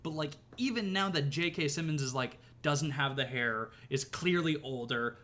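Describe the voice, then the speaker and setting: Podcast co-host, man, bright forceful voice, pitched a bit high, animated and laughing. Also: moderate pace. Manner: animated, laughs often, swears casually. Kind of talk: casual movie review chat.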